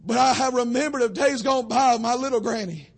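Young male pastor, husky and raspy, fiery preaching cadence. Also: fairly quick. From western North Carolina. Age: young adult. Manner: preaching cadence, swelling to shouts then dropping low. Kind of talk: sermon.

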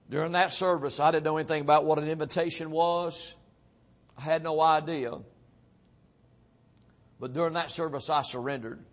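A middle-aged man preaching, telling his own testimony earnestly and often dropping to a hushed voice. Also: on the high side, fairly even intonation, moderate pace, long pauses. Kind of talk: sermon testimony.

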